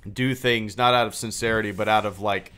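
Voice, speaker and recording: A man's voice: on the low side, fairly even intonation, fairly quick, pushed and bright, clear, resonant tone. A man hosting a live stream, chatting casually and loosely while he plays, with plenty of fillers and restarts. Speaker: streamer and channel host.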